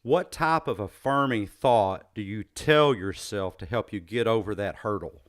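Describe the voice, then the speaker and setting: Man, Southern US accent, lower pitch, hesitant interviewer, restarts phrases. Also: unhurried. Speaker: podcast host. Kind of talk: interview conversation.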